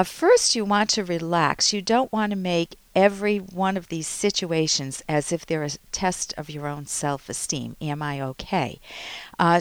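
Lower-voiced woman psychologist giving radio advice. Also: no echo. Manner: calm explanatory coaching, acts out little example quotes. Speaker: radio show host, clinical psychologist. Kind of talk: advice call-in radio talk.

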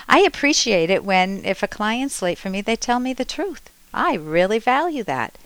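A woman's voice: fairly high pitch, sing-song, moderate pace, fairly bright tone, no room sound, rough recording. A woman radio therapist hosting a call-in show, earnestly coaching a caller with spoken examples.

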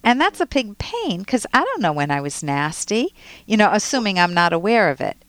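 A woman's voice: mid-range voice, sing-song, brisk, fairly bright tone, no echo. A woman hosting a call-in advice show as a psychologist, coaching a caller with probing questions. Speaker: radio psychologist host.

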